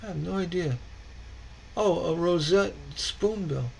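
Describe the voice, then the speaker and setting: A man hosts a relaxed livestream, reacting to viewers with a rambling, chuckling delivery. His voice sits high and has a gravelly edge. He speaks at an easy, slow pace and often stammers over repeated words. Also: slight background noise, rough recording. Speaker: stained glass livestream host. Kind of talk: casual livestream chat.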